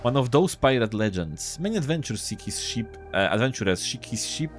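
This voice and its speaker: Soft background music plays as this man, a gameplay streamer, offers casual let's-play commentary on a role-playing game. He speaks fairly quickly in a sing-song, mid-range voice, musing aloud and reading out game text.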